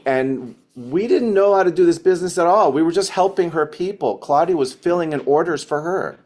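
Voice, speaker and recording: A man speaks to his sales team in a motivational talk. He tells a story with energy and acts out the quoted voices by jumping up in pitch. His voice sits at an ordinary middle pitch for a man. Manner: animated storytelling, acting out quotes in higher voice.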